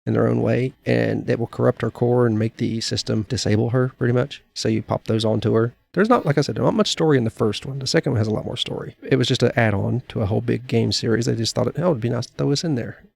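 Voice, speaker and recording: A man's voice: mid-range voice, gravelly, darkish tone. A man co-hosting a podcast, casually retelling things in a rambling way with fillers and restarts. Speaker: podcast co-host. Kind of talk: casual chat.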